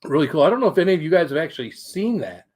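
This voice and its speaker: A man's voice: a little high, sing-song, racing, darkish tone. A middle-aged man hosting a casual live stream, telling a story in a rambling, chatty way, swearing now and then, and breaking off to greet viewers. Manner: colorful swearing. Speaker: livestream host.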